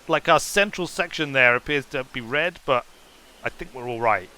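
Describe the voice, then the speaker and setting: A man's voice: mid-range voice, moderate pace, sharp tone. A man giving casual, rambling gameplay commentary, playful and prone to trailing off. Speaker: game commentator.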